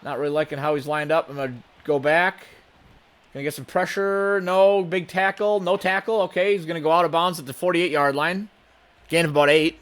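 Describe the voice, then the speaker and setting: A gaming channel host narrates his own play session in let's play commentary, calling out every move as it happens. His voice is a little high and brisk, and he erupts into loud excitement whenever things go wrong.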